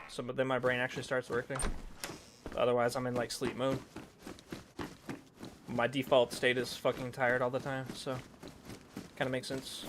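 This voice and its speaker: A man's voice: mid-range voice, monotone, moderate pace, pauses often. A man streaming a role-play game, chatting casually in a rambling, self-deprecating way, often mumbling. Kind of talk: casual gaming chat. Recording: noisy background.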